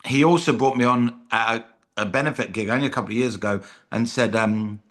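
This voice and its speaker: A British man talks casually as a podcast guest, spinning anecdotes with a self-mocking edge. His voice sits at an ordinary middle pitch, and he fills gaps with frequent ums. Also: brisk, fairly bright tone. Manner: chatty storyteller, self-deprecating jokes, many ums. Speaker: comedian guest. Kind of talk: casual chat.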